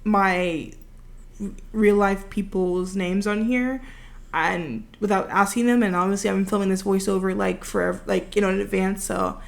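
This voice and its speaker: A woman's voice: mid-range voice, steady tone, normal speed, gravelly. A young woman telling a rambling, casual story over her gameplay footage, full of fillers, recorded at home. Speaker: video creator.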